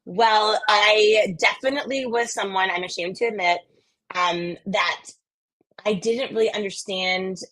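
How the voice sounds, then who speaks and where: A woman's voice: mid-range voice, unhurried, a bit bright. A woman from the US East Coast, a podcast guest, chatting casually and telling stories energetically with lots of quoted voices. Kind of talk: casual interview chat.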